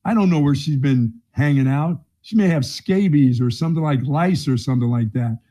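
Casual guy on sports radio, blunt rambly storyteller, warm dark voice. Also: a little high, moderate pace. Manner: blunt, rambling storyteller who laughs at his own jokes. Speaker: radio sports show co-host. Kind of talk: casual banter.

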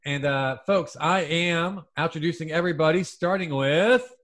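A man's voice: fairly high pitch, moderate pace, a bit bright. A man hosting a comedy podcast in casual, playful banter with friends. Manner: playful, breaks into put-on English accents.

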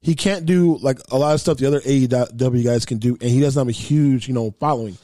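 A man's voice: mid-range voice, quick pace, mellow, dry recording, studio quality. A man in casual podcast chat, laid-back and joking, saying dude and bro.

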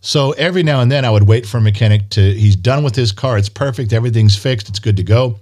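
A man's voice: medium pitch, fast, a little mellow. A man, a podcast co-host, chatting casually, rambling through stories and teasing his co-host. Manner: rambling storyteller, swears, teases. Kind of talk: casual chat.

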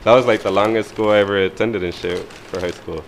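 A man's voice: on the low side, steady tone, fast talker, a little hiss or hum, poor audio. A laid-back young man chatting casually in slang. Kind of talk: casual chat.

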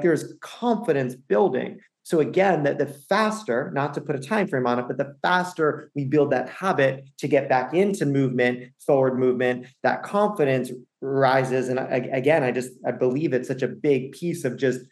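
A man's voice: mid-range voice, darkish tone. A man speaking as a guest on an interview podcast, talking earnestly and correcting himself as he goes. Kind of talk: conversational interview.

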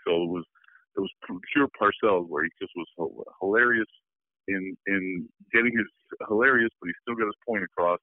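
A man's voice: deep voice, moderate pace, no room sound. A man in his sixties, a former football player, telling a long story in a rambling way, full of fillers and restarts, as a guest on a phone interview. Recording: tinny phone line.

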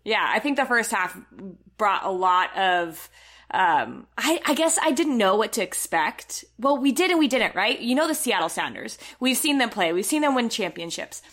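Animated female co-host, mid pitch, talkative with fillers and a sarcastic edge. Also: moderate pace. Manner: chatty, animated, many fillers, a bit sarcastic. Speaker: podcast co-host. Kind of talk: casual soccer podcast chat.

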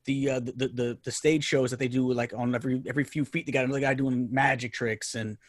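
Guest spot: quick, eager New York man, lots of restarts, dry close sound. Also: mid-range voice, flat delivery, dry recording. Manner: enthusiastic, rambling with many restarts. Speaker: podcast guest. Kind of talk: casual chat.

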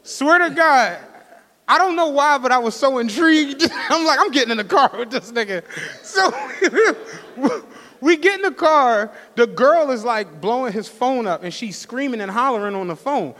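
A man, co-hosting a live podcast and telling animated, laughing stories before an audience. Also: very high voice, a little slow. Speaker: podcast co-host. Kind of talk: casual storytelling on a live podcast. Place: studio venue with a live audience. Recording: long reverb of a live venue.

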